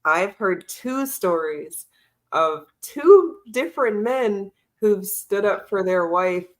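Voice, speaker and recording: A woman hosting a casual talk on a video call, asking quick follow-up questions. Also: fairly low pitch. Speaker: host. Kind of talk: casual conversation.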